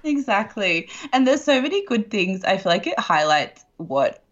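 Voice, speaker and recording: A woman's voice: medium pitch, sing-song, normal speed, dull audio. A woman co-hosting a podcast, chatting casually and gushing, with lots of fillers. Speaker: podcast co-host. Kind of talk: casual chat.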